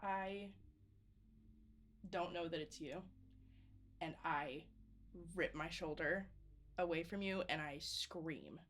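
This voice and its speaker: A woman playing a character in a tabletop game, talking in an emotional, halting way. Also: deep voice, a bit bright, slight background noise. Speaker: player.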